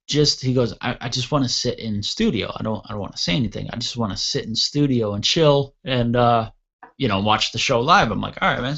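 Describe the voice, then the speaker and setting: A man hosting an internet radio talk show, spinning a rambling anecdote with blunt, offhand swearing. His voice sits at a middle pitch for a man. The recording sounds a little dull and lo-fi. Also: fairly bright tone. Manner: blunt, casually profane. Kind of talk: casual storytelling chat.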